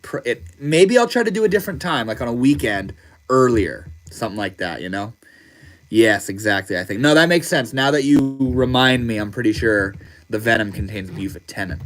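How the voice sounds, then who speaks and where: A man's voice: on the low side, fairly bright tone. A man hosting a casual livestream, reading viewer comments aloud and answering them in a laid-back, slangy way. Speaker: livestream host.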